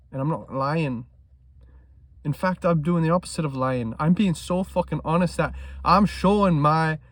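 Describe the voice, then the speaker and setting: Guy ranting to himself about trading, lots of swearing, goes loud then quiet, dry sound. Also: on the high side, dry recording. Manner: profane, emphatic, swings between loud and hushed. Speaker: trading vlogger. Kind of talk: intense self-talk monologue.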